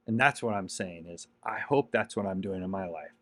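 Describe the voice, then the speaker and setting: A man's voice: deep voice, moderate pace, fairly bright tone, no echo. A man hosting his own podcast, giving an earnest, repetitive motivational monologue with emphatic pushes. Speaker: podcast host.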